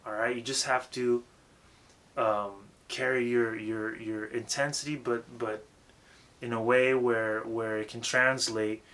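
A man's voice: mid-range voice, level tone, measured pace, a bit bright. A man giving a casual, emphatic lesson on rapping and stage presence, swearing freely and repeating himself for emphasis. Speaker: rap coach.

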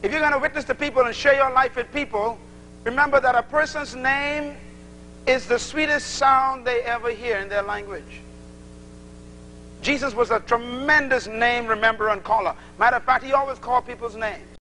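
Male preacher, animated sermon, acts out dialogues, high bright voice, faint hum. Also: normal speed, poor audio. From Bahamas.

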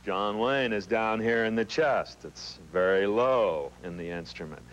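A man in his forties from Los Angeles, a comedian speaking playfully in a relaxed interview. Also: lowish voice, unhurried, lo-fi sound, slight background noise. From suburban Los Angeles. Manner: playful, demonstrates voices while explaining. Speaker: comedian and actor, interview guest.

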